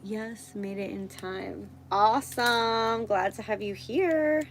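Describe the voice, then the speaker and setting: A woman hosts a casual live stream, talking slowly and unhurriedly as she thinks aloud and checks in with her viewers. Her voice sits at an ordinary middle pitch, with a faint hum of background noise behind her. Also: low-quality recording. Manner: thinks aloud while working, chats with viewers.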